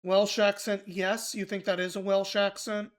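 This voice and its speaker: A man's voice: high-pitched, level tone, normal speed. A man streaming a mystery game, thinking aloud in loose, casual commentary with offhand swearing.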